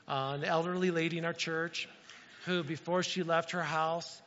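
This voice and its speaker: A male pastor preaching a sermon, animated and talking straight to his congregation, acting out little quotes. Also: a little high, moderate pace, a little hiss or hum. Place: church sanctuary. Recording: dull sound with long hall reverb.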